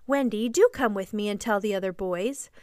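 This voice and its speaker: A woman's voice: medium pitch, normal speed, darkish tone, no room sound, clean studio sound, natural voice. Peter Pan, sly coaxing boy, read by a woman. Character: boy who never grows up, cunning and boastful.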